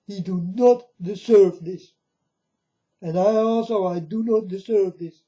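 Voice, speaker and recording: A man with a high, mellow voice speaks slowly in an earnest, halting religious monologue, his phrasing not quite native. The recording is dull and lo-fi. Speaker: religious video maker.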